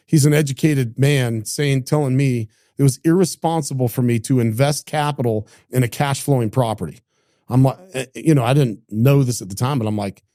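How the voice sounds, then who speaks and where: A middle-aged man from Idaho, a business founder telling a story in casual conversation, acting out what people said, with lots of quick restarts. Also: mid-range voice, no room sound, studio quality. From Idaho, United States. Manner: animated, acts out quoted dialogue, frequent restarts. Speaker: entrepreneur guest.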